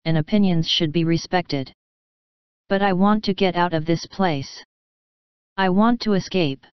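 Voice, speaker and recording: A rough-voiced tunny fish, calm, resigned and dignified, as a woman reads him aloud. The voice is low yet very clear. It is a storybook recording, dry and a little muffled. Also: measured pace, dry recording, lightly acted. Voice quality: rough, like an out-of-tune guitar. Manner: dignified, philosophical.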